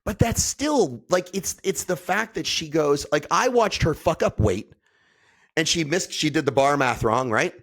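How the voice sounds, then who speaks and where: A man who is a podcast guest, telling stories in a blunt, profane, animated way. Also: on the high side, a little slow. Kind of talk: casual conversation.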